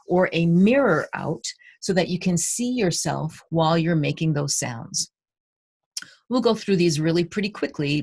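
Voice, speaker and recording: Low husky-voiced woman teaching phonology. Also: darkish tone. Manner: explanatory, guides listeners through mouth exercises. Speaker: literacy educator presenting a workshop. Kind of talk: recorded conference presentation.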